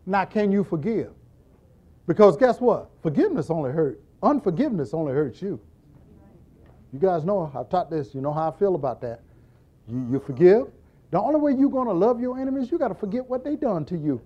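High, lively-voiced preaching deacon. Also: male voice, a little fast, dull audio. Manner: animated, acts out scenes with quoted voices, jokes and laughs. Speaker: church deacon teaching a class. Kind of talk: humorous Bible teaching.

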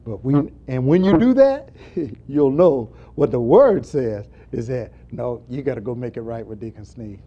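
A man preaching a sermon, moving between quiet asides and impassioned high calls. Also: animated, measured pace, hardly any pauses, lo-fi sound, slight background noise.

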